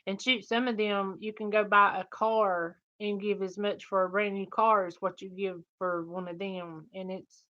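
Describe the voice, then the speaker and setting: A woman's voice: medium pitch, little pitch movement, moderate pace, hardly any pauses, bright, forceful tone. Folksy woman chatting, lo-fi. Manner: folksy, laughs often. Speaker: co-host of a homestead livestream. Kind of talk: casual chat reading viewer comments.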